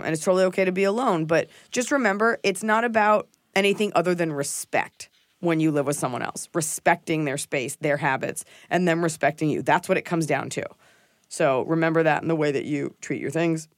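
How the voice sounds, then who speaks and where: A woman's voice: sits low, normal speed, no echo, studio quality. A woman hosting a comedic podcast, chatting in a playful, jokey, rambling way. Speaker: podcast host. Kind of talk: casual comedic podcast chat.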